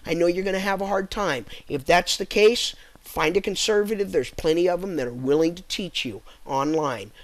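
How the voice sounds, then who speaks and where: A man's voice: moderate pace, few pauses. A man delivering an angry political rant to the camera, heated and insulting, his voice jumping up on rhetorical questions. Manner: drops low and quiet when winding down. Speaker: political vlogger.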